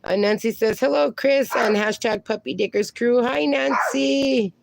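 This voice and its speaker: A woman's voice: a little high, a little slow, vocal fry, background noise. A middle-aged woman hosting a casual livestream, reading viewer comments aloud and baby-talking to her dogs. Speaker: livestream host.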